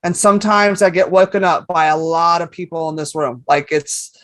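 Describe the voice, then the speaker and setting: Animated, foul-mouthed woman comedian. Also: fairly low pitch, moderate pace, no room sound. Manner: animated storyteller, swears freely. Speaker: comedian guest. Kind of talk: casual podcast chat.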